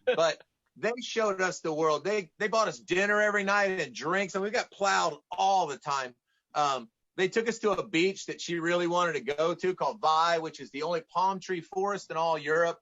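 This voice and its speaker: Guy from atlanta telling stories on a podcast, highish voice, kinda muffled audio. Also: moderate pace. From United States, Atlanta. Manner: lively anecdotes, acts out quoted dialogue. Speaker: podcast guest. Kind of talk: casual storytelling in conversation.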